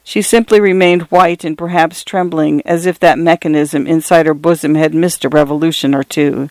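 A man narrating a first-person story in a measured, even way. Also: fairly high pitch, no room sound.

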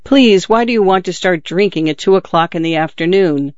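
A man voicing a gentle coaxing young wife. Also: high voice, a little fast, no room sound, natural voice. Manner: soft, gentle pleading. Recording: dull dry lo-fi recording.

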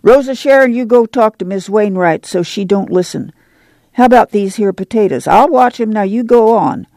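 A woman's voice: medium pitch, expressive, normal speed, warm tone, no echo, voice pushed up, close to an everyday voice. A woman reader voicing a worried, firm farm mother with a rural drawl.

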